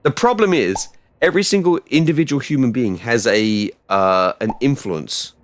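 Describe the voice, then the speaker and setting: A man streaming a game live, rambling casually and bursting out loudly when things go right. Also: medium pitch, moderate pace, a little hiss or hum. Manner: rambling and excitable, with loud outbursts. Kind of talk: casual live-stream chat while gaming.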